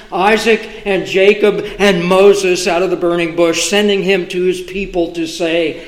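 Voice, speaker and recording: A man preaching from the pulpit, his voice sitting high and unhurried. He spaces his words with deliberate, emphatic pauses. The sound carries the echo of a church room. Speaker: pastor. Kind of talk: sermon. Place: church sanctuary.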